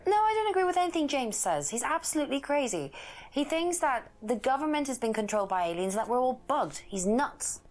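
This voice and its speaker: A woman's voice: high-pitched, big pitch swings, fairly quick. A woman playing a dismissive young female college student who scoffs at a classmate in a live-action game. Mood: scornful. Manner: scornful, dismissive.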